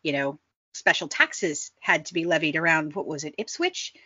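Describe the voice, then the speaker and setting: A woman's voice: deep voice, normal speed, pushed and bright, slightly rough, no echo. A woman co-hosting a casual history podcast, explaining with wry, dry understatement. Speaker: podcast co-host. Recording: slightly dull, dry home mic.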